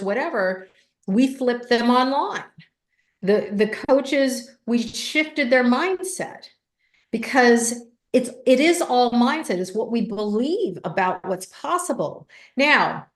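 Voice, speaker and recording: A woman speaking as an interview guest, a coach with a lively storytelling manner who slips into voices when she quotes people. Her voice sits at a middle pitch and carries a noticeable echo from the room around her. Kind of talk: conversational interview. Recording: echoey room.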